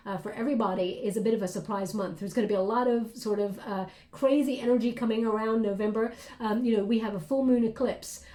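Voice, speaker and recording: A woman's voice: fairly high pitch, a little mellow. A woman giving a casual tarot reading to camera, speaking in an encouraging, reassuring way with many fillers and restarts. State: briefly emotional. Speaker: tarot reader.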